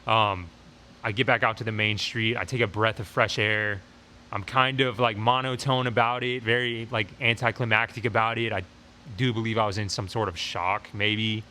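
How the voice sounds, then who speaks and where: A young adult man vlogging a storytime through a lapel mic on his shirt, retelling a tense encounter in an animated way, full of fillers like "like" and "dude.". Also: lowish voice, moderate pace, a little hiss or hum.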